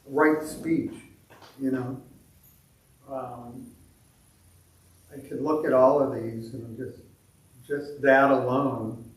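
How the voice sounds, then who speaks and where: A man leading a meditation group, talking in a halting, self-deprecating way with many restarts. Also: mid-range voice, fairly even intonation. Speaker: meditation leader. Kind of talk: reflective talk to a meditation group. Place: meditation temple hall. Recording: echoey room from a distant mic.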